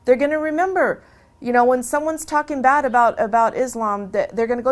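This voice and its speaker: A woman's voice: high-pitched, fairly quick. A woman who converted to Islam tells her story in a casual interview, earnest and emphatic, often repeating a phrase for stress.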